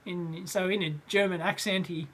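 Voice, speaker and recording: A man's voice: high voice, fairly even intonation, normal speed, fairly bright tone. A middle-aged Australian man hosting a casual live question-and-answer show, rambling with many fillers and frequent chuckles. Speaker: host.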